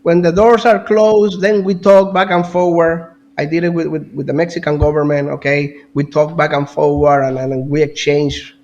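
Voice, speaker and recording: A man talking as a guest analyst in casual political commentary, animated, repeating words and now and then coughing. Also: on the high side, moderate pace, few pauses, dull audio.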